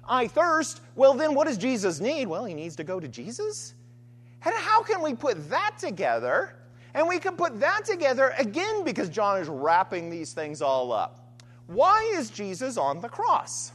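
Preaching a sermon, a woman swings her pitch wildly between high and low, poses rhetorical questions, and keeps returning to repeated refrains. Her slightly rough voice moves at normal speed, and a long reverb makes it ring out as if in a large hall.

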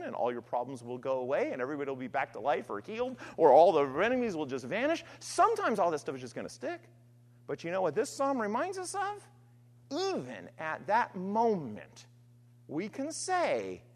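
A woman preaching a sermon, earnest and emphatic, alternating forceful stress with quiet, trailing phrases. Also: mid-range voice. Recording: long hall reverb.

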